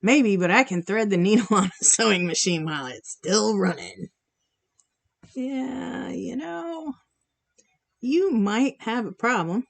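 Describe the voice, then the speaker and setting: A woman with a medium-pitched voice and noticeable vocal fry. She runs a charity livestream, painting while she casually chats with viewers, reading their comments and giggling.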